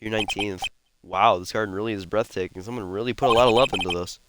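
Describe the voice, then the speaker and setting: A man's voice: lowish voice, fairly even intonation, quick pace, heavy background noise. A man streaming himself, reading game dialogue aloud with casual, swearing asides. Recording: loud game music behind.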